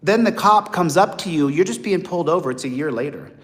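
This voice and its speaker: A man in his late forties talking to viewers in a blunt, animated monologue, acting out other people's voices. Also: fairly high pitch, quick pace. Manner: blunt, profane. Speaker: host. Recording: long hall reverb.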